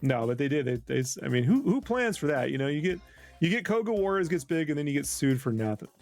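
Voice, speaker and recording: A man talking casually as co-host of an art show, rambling through stories and teasing his partner. His voice has a gravelly, creaky grain, and there is faint music playing beneath the talk. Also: on the high side, big pitch swings, fast, darkish tone. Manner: chatty, teasing, rambling storyteller. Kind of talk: casual chat while drawing.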